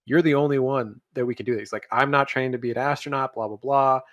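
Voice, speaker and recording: A man co-hosting a podcast, recapping a movie plot in a loose, rambling way with fillers, his voice dropping quiet at the ends of phrases. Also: mid-range voice, steady tone, fast talker, dry recording, studio quality. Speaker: podcast co-host. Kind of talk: casual movie review chat.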